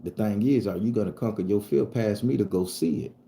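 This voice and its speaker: A calm, unhurried snake speaking in a very low, dark, mellow voice, as a man puts him on. The sound carries a roomy echo. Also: gravelly, a little hiss or hum. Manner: calm, serene, soft-spoken. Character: calm talking male snake in a vision.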